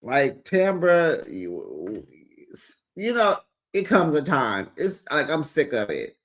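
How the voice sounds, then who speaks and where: A man hosting a casual reality TV recap, sassy and animated, talking straight to his viewers. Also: fairly high pitch, measured pace.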